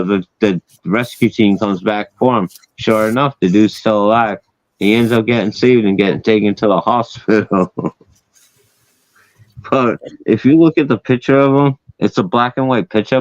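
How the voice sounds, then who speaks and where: A man's voice: on the low side, no room sound. Profane storytelling man, dull lo-fi sound. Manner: animated profane storyteller, laughs at his own story. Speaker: host. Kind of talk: casual storytelling chat.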